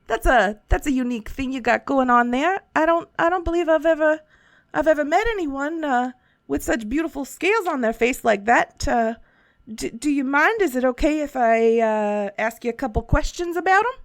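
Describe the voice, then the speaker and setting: A woman's voice: sits high, expressive, normal speed, no echo, clean studio sound, voice pushed up. A woman doing a cagey Southern handyman. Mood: curious. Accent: put-on Southern US drawl. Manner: drawling, hesitant, folksy. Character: shady folksy male handyman tinkerer, friendly but cagey.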